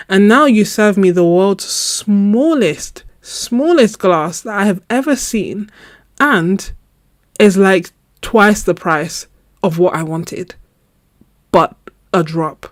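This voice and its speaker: A young adult woman chatting casually with her viewers, telling an animated story and laughing often. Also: mid-range voice, takes it slowly, dry recording, studio quality. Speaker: art channel host. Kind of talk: casual live chat story.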